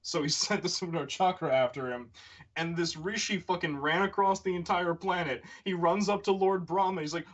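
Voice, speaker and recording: A man telling a story as a stream guest, excitable, repeating words and slurring when worked up. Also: sits high, moderate pace, dull audio. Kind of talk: casual storytelling on a livestream.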